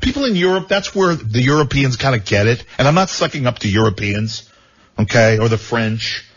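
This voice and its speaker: A man's voice: mid-range voice, sing-song, brisk, breathy edge. A man hosting a talk radio show, joking and rambling with frequent stammered repeats. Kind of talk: casual talk radio banter. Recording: dull lo-fi radio sound.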